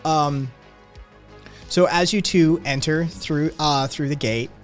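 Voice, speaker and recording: A man narrating a tabletop game as game master, relaxed, with lots of fillers and laughs. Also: on the high side, slow pace, faint music behind.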